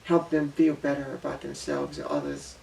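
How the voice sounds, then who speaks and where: A man's voice: mid-range voice, big pitch swings, normal speed, vocal fry, a little mellow, a little hiss or hum. A man giving an earnest, emotional personal monologue as a vlogger, often repeating himself and apologizing. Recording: voice distant from the mic.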